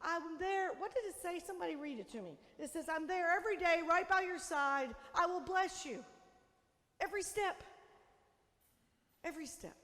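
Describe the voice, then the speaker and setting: A woman pastor preaching a sermon, swinging between loud emphatic declarations and soft, hushed lines. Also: very high voice, animated, brisk, hardly any pauses. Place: church sanctuary. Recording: long church reverb.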